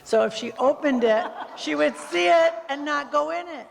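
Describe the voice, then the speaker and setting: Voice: sits high, moderate pace, vocal fry, crowd noise. A member of the congregation chatting about a family story, laughing as she talks. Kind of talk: sharing a story from the audience. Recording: reverberant church hall.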